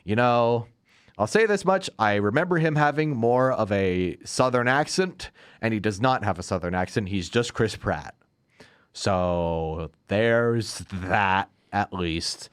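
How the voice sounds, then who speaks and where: A man's voice: lowish voice, slow, clean tone. A man hosting a podcast, chatting casually about movies in a sarcastic, ranting way and laughing often. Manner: lively, animated delivery. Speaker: podcast host. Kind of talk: casual movie review chat.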